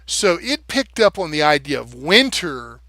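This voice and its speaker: A man's voice: on the high side, sing-song, unhurried, sharp tone, dry recording. A man talking casually and animatedly on a livestream, swearing freely and tapping out rhythms with nonsense syllables. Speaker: live streamer.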